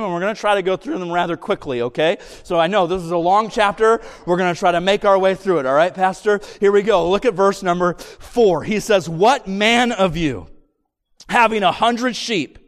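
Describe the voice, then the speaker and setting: A man preaching a sermon in church, reading scripture slowly and building to emphatic points. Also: sits high. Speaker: pastor. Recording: long reverb of a church hall.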